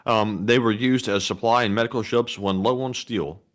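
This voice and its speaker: A fairly low-pitched man co-hosts a casual live stream. He reads viewer messages aloud in a plain voice, then slips in dry puns and doubtful remarks. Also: steady tone, moderate pace. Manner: dry puns, skeptical asides. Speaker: co-host reading super chats.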